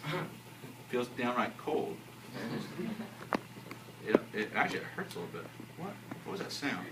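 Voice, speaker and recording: Middle-aged guy teacher doing a science demo, jokey and animated, roomy classroom sound from a far camera with some noise. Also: mid-range voice, a little slow. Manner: animated, joking, with frequent restarts. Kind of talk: classroom demonstration.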